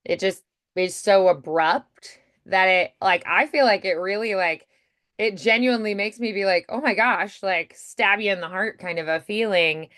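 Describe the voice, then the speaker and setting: A woman's voice: mid-range voice, normal speed, fairly bright tone, no room sound, clean studio sound. A woman coaching a voice acting student in casual, chatty feedback, full of "like" and "you know", often acting out example lines.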